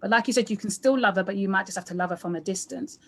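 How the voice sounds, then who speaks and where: A woman guest talks quickly and reassuringly as she agrees with the others. Her pitch is mid-range. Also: fairly bright tone. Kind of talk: conversational talk show discussion.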